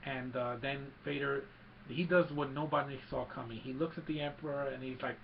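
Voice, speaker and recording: This film reviewer has a mid-range voice with vocal fry, fairly even intonation, and a moderate pace. He's eager as he recaps a film's plot casually, rambling and starting over, and the dull lo-fi audio carries a faint hiss.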